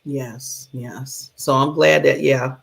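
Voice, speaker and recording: A woman's voice: extremely low pitch, slow, gravelly. A woman co-hosting a talk show in casual chat, telling stories and laughing often. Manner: laughs often, animated storytelling.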